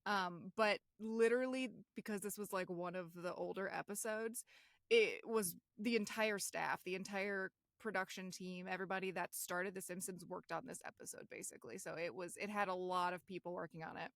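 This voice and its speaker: A woman's voice: lowish voice, steady tone, moderate pace, dry recording, studio quality. A woman co-hosting a podcast in casual chat, chatty and laughing often. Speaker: podcast co-host.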